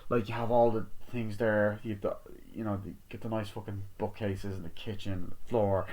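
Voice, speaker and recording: A man's voice: lowish voice, level tone, normal speed, a little mellow, a little hiss or hum. A man giving a casual, rambling movie review, swearing often as he retells scenes. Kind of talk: casual spoken film review.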